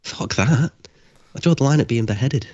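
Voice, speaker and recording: A man's voice: mid-range voice, animated, moderate pace, warm tone, no room sound, dull audio, lightly acted. A man playing a bewildered exiled leader who stumbles over his words and swears bluntly, in a live comedy script reading. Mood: baffled.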